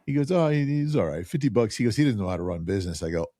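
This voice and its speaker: A middle-aged man in a casual podcast chat, an animated storyteller who acts out quoted dialogue. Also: on the low side, very fast, no room sound, studio quality.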